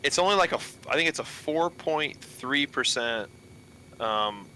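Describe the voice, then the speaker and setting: A man's voice: mid-range voice, lively intonation, unhurried, sharp tone, slight background noise, rough recording. A man in casual podcast chat, talking through his brewery plans with lots of ums and restarts. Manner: rambling, many ums and restarts. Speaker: podcast co-host planning a brewery.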